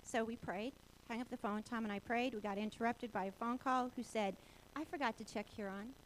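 A woman in her forties telling a personal faith story, animated and laughing often as she acts out the voices of people she quotes. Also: fairly high pitch, fairly quick, slight background noise, low-quality recording. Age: 40s.

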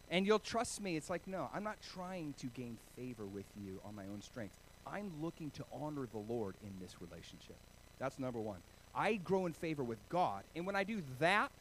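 A man from Oregon preaching a sermon, telling stories with animated, self-deprecating humor. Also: medium pitch, slight background noise, poor audio. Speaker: pastor.

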